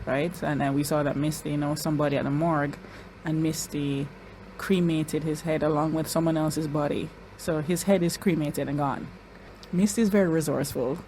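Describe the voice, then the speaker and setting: A woman's voice: deep voice, steady tone, normal speed, mellow, slight background noise, poor audio. Chatty woman reacting to a show. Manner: chatty, talks straight to the characters; restarts and repeats words often. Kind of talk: casual episode reaction commentary.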